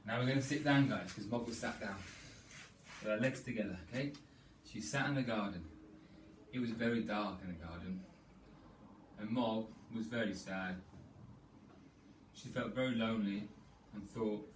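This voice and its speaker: A man leading a children's storytelling yoga class, playful and animated, coaxing the children through each pose. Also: lowish voice, moderate pace, long pauses, slight background noise. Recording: echoey room, distant mic, faint ambience.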